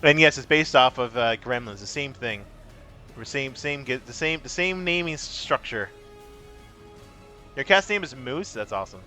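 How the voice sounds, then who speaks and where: With faint music behind him, this man plays a card game on stream and chats casually with his audience, playful and rambling, now and then slipping into silly sing-song. His mid-range voice has lively intonation and sounds pushed and bright at a moderate pace.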